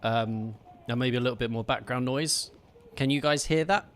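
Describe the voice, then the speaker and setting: A man talks over a live game stream, playful and teasing as he chats with viewers. His voice sits at an ordinary middle pitch. He is heard close on a streaming microphone. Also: normal speed, smooth. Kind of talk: live gameplay commentary and chat.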